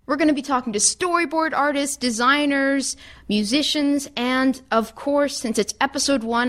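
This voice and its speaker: A woman's voice: fairly high pitch, fairly bright tone. A woman hosting a casual interview, upbeat and conversational as she asks her guests questions. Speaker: interview host.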